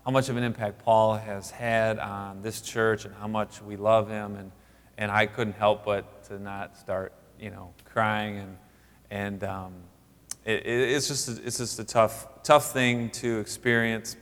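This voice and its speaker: Halting pastor with a low voice. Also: male voice, flat delivery, fairly bright tone, in a large hall. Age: 30s. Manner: halting, many fillers and restarts. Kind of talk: sermon.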